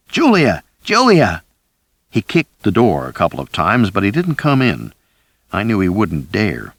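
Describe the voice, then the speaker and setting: Deep voiced guy reading a thriller audiobook, slow and dramatic, lots of swing in his voice. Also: no room sound. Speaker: audiobook narrator. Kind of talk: first-person thriller audiobook narration.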